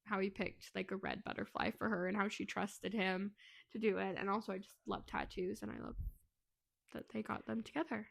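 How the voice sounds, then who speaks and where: A woman's voice: medium pitch, fairly quick, gravelly, no echo. A woman co-hosting a book podcast, retelling scenes dramatically in casual chat. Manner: animated, dramatic retelling with voices, swearing. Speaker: podcast co-host.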